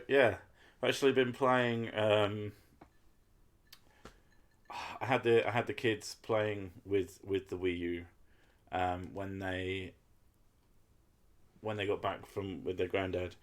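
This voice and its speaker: A man, chatting casually and rambling on a live stream, swearing freely and joking at his own expense. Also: on the low side. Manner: rambling, sweary, self-mocking humour. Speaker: game streamer.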